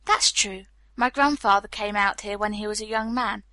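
A woman reading the lines of a stiff, earnest young Boston gentleman in an audiobook, formal in manner. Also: medium pitch, normal speed, dry recording, close to an everyday voice.

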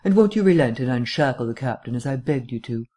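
A man voicing a languid, foppish gentleman detective with a drawling, affected upper-class wit. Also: medium pitch, animated, fast talker, close to an everyday voice. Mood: airy drawl.

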